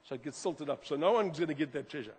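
A man preaching a sermon as pastor, animated, repeating words and swinging from loud to quiet. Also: on the high side, fast talker, breathy edge. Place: church hall. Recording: long hall reverb.

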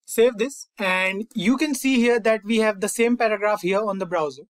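A young man hosting a coding tutorial, calmly walking through each step and often saying "fine" and "over here". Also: high voice, normal speed, dry recording. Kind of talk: screen-recorded coding lesson.

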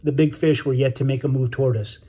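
Husky-voiced man narrating a novel. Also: medium pitch. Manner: steady, measured storytelling. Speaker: author reading his novel. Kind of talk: scripted narration.

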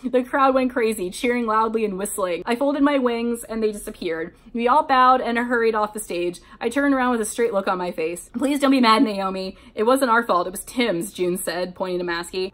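A woman reading a fan-written story aloud, breaking off for sarcastic commentary between passages. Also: fairly high pitch. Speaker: YouTuber reading fanfiction aloud.

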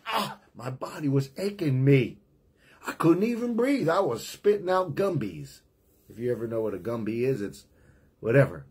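Fervent preacher man with a husky voice. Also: medium pitch. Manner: fervent, emphatic preaching with frequent amens. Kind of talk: testimony sermon.

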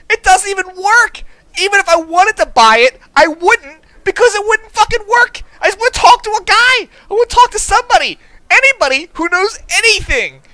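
A man's voice: very high voice, no echo, rough recording. A young man ranting to his live stream audience, swearing constantly and mocking people with put-on voices. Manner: profane, animated storytelling with mocking voices.

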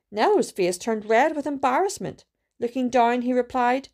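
A woman reading a storybook aloud with a steady, careful delivery and small restarts. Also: on the high side, normal speed. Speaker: student reader.

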